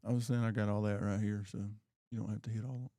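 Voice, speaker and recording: A man co-hosting a casual chat beside his wife. He is laid-back and drops in quick asides. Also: on the low side, level tone, mellow, no room sound, studio quality. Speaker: co-host, husband.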